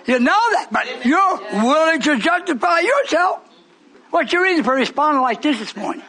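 A man's voice: extremely high pitch, animated, normal speed, sharp tone. A man preaching a sermon to a live congregation, teasing and questioning them in call-and-response. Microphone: broadcast on shortwave radio.

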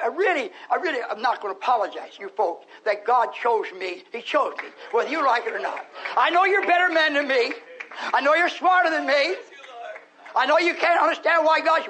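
A man preaching a sermon to his congregation, scolding them and now and then rising to a shout. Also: extremely high pitch, poor audio. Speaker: pastor.

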